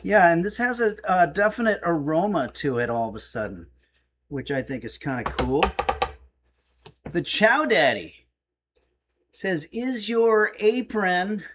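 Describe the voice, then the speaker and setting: A man's voice: a little high, sing-song, unhurried, long pauses, a bit bright. A man hosting a home-kitchen cooking stream, chatting casually and loosely with lots of fillers as he reads out viewer comments. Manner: rambling, filler-heavy, easygoing. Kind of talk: casual livestream cooking demo, reading chat.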